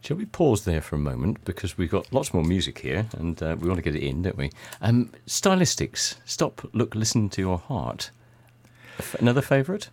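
A man's voice: sits low, wildly swooping pitch, moderate pace, darkish tone. A man hosting a radio interview, asking brief encouraging questions. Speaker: radio host.

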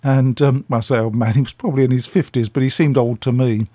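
This older radio guest spins chatty, self-deprecating stories, doing the voices himself. He speaks fast in a mid-range, dark-toned voice with fairly even intonation, recorded without echo.

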